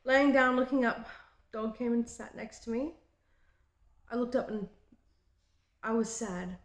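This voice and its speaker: A woman from Australia in her late twenties or thirties, with an Australian accent, talking in a halting and reflective way in a personal vlog. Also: fairly high pitch. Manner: halting and reflective, with frequent restarts. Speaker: vlogger. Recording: roomy echo.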